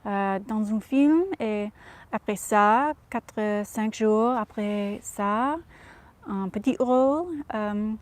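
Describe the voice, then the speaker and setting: A woman impersonating a gracious 1950s film star, reading an interview answer in careful, halting French. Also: mid-range voice, no room sound, lightly acted. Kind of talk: reading an interview aloud in character.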